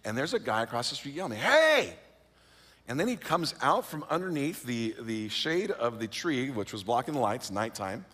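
A middle-aged man from California telling a personal story in a lively, self-mocking way, full of fillers and restarts and acting out the voices he quotes. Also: mid-range voice, brisk, few pauses. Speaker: speaker. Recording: long reverb of a large hall.

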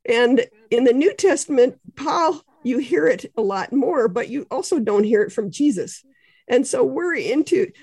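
A woman author, appearing as a podcast guest, explains ideas conversationally with examples, frequent asides, lots of "you know," and small laughs. Her mid-range voice is a little mellow and slightly rough, with no room sound.

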